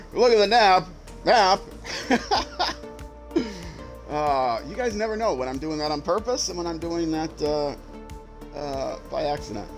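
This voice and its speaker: Middle-aged man, Minnesota accent, slightly high voice, tired, chatty gameplay streamer, faint music underneath. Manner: rambling, chatty, self-mocking, trips over words. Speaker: game streamer. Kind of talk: live gameplay commentary.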